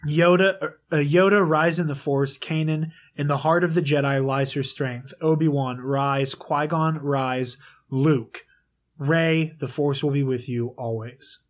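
A man talking in a casual group chat, animated and swearing freely as he retells stories and reads out lines. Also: on the high side, unhurried. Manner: animated, swearing, quotes lines in dramatic voices.

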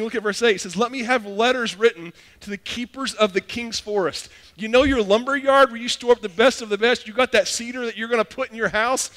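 A middle-aged man preaching a sermon as a pastor, animated and acting out little dialogues in different voices. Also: very high voice, a little fast, few pauses. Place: church sanctuary. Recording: long hall reverb.

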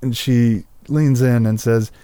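A man runs a tabletop game, narrating at an unhurried pace. His tone is mellow and the sound is dry and close. He tells the story in a relaxed way, with small fillers along the way. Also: mid-range voice, smooth, no echo. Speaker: game master.

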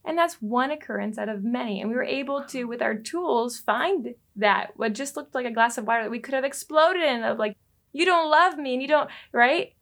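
A woman, a relationship coach, telling a personal story as a podcast guest, lively and quick to laugh. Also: fairly high pitch, creaky. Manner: animated, laughs often and acts out quoted lines.

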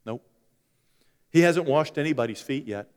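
A man's voice: fairly high pitch, animated, normal speed, clean tone, long reverb tail. A man preaching a sermon in a conversational way, with joking asides to the congregation. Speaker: pastor.

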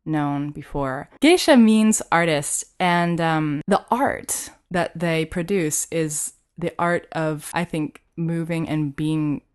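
A woman's voice: low voice, slow pace, few pauses, clear, resonant tone. A woman from Texas who teaches English in Japan, chatting casually on a podcast with many fillers and restarts.

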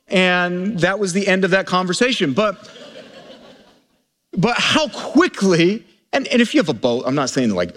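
A pastor preaching a conversational sermon to a congregation, informal, often restarting and repeating words. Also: male voice, sits high, normal speed, a bit bright. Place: church service before a live congregation.

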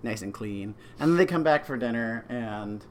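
A man's voice: medium pitch, expressive, normal speed, a little hiss or hum. A man co-hosting a casual book podcast with a dry, teasing sense of humor. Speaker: podcast co-host. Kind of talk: casual book discussion chat.

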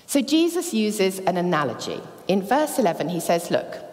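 Female preacher, animated rising and falling voice, long church reverb, storytelling sermon. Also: medium pitch, moderate pace. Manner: lively storytelling, acting out voices.

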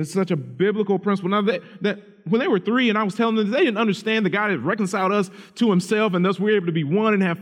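A man in his thirties, a pastor preaching about parenting in an earnest, conversational way, often restarting his phrases. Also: high-pitched. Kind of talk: sermon on parenting. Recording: long hall reverb.

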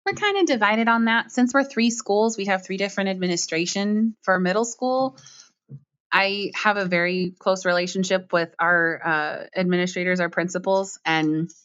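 A woman teacher answering interview questions earnestly, with frequent pauses. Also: medium pitch, fairly bright tone, clean tone, no echo. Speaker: striking schoolteacher. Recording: slightly dull lo-fi sound.

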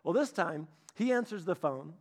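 A young man preaching a sermon, telling a personal story and acting out the voices of the people in it, going from loud to hushed. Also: on the high side, moderate pace. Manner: animated, acts out quoted voices, shifts from loud to hushed. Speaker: pastor's son preaching.

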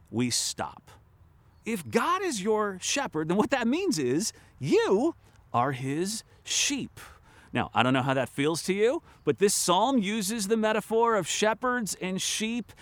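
A man preaching a sermon as pastor, animated and conversational, often repeating words as he starts sentences and asking the congregation to respond. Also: sits high, no echo. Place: church service, recorded for online broadcast.

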